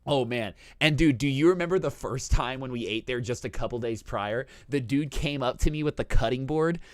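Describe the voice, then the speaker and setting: An animated man swaps travel stories in a loose, profane chat, tossing "dude" into nearly every sentence. His voice sits at a middling pitch and sounds close and dry, with no room around it. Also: moderate pace, no room sound. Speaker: host. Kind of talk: casual storytelling chat.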